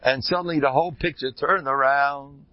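A man's voice: mid-range voice, fairly even intonation, normal speed, no room sound, dull audio. An older man, a rebbe, giving an informal Torah talk, joking and sprinkling in Hebrew and Yiddish terms. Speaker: rebbe teaching a Torah class.

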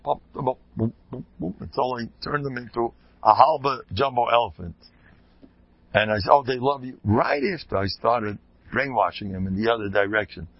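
A man's voice: medium pitch, breathy edge, no echo, muffled recording. An older man, a rebbe, giving an informal Torah talk, joking and sprinkling in Hebrew and Yiddish terms. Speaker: rebbe teaching a Torah class.

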